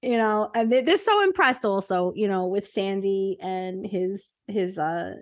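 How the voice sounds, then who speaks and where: A woman co-hosting a podcast, telling an improvised comic story in a crude, animated, jokey way. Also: medium pitch, a little slow, no echo, studio quality. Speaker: podcast co-host.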